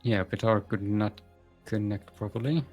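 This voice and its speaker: A man's voice: on the low side, fairly even intonation, normal speed, darkish tone, soft background music. A young man casting a live game match on his own, rambling and joking with many fillers and restarts. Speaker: esports caster. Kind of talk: solo live game commentary.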